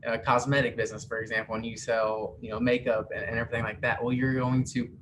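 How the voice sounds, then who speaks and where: A man's voice: medium pitch, level tone, fast talker. A man co-hosting a live online marketing workshop, chiming in casually to agree and add points. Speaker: co-host. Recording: noisy background hiss.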